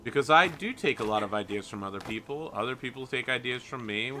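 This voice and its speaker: A man talking over his gameplay in a very bright, sharp voice. He rants in a blunt, exasperated way, and his pitch sits in a middle register. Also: fast, faint music behind. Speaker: gaming channel host. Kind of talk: let's play commentary.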